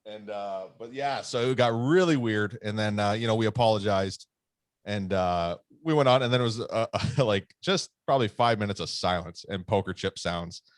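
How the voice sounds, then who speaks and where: A man's voice: on the low side, moderate pace, dry recording, studio quality. A man co-hosting a podcast, telling a story in a rambling way with lots of fillers and swearing. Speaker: podcast co-host. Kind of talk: casual storytelling chat.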